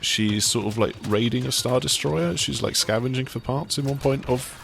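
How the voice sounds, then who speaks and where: A man's voice: mid-range voice, normal speed, gravelly, fairly bright tone, a little hiss or hum. A man hosting a casual video game chat, talking in a rambling, enthusiastic way. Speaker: gaming site host.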